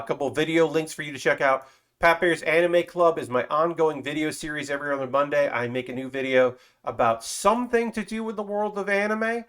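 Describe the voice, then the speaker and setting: A man's voice: a little high, fairly bright tone, clear, resonant tone. A man streaming as he builds a model kit, chatting loosely with fillers and casual swearing. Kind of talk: casual live-stream chat.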